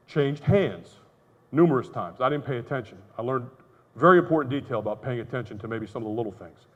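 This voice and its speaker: A middle-aged man giving an earnest, emotional testimony as a conference speaker. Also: mid-range voice. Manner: earnest storytelling, candid and emotional. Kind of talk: testimony talk. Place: conference hall. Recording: muffled, reverberant hall sound.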